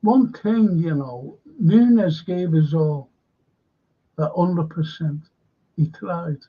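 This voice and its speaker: A man hosting a live stream, reading out viewer comments in a rambling, slow way with asides. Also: on the high side, slightly rough, muffled recording. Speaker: host.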